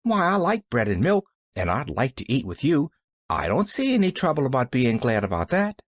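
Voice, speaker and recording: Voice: medium pitch, sing-song, normal speed, no echo, studio quality. A reader voicing a cheerful, earnest little girl who chatters eagerly.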